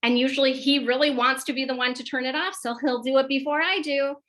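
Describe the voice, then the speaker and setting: A woman psychologist giving a casual, animated workshop talk to parents, often checking in with her listeners. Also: sits high, fast talker, poor audio. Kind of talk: informal workshop presentation.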